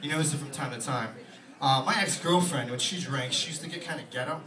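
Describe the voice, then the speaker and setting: Fast-talking young man doing stand-up. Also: mid-range voice, recorded from a distance. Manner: rapid rambling delivery with fillers. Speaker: stand-up comic. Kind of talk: stand-up comedy set. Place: small pub stage. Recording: echoey bar room, mic from afar, loud crowd.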